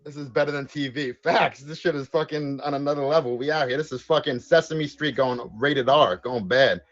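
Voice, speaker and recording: A man's voice: moderate pace, lo-fi sound. A man streaming a game role-play, hyped and profane, calling out to his chat. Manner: profane, hyped, swings up and down in pitch. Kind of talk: live game stream chatter.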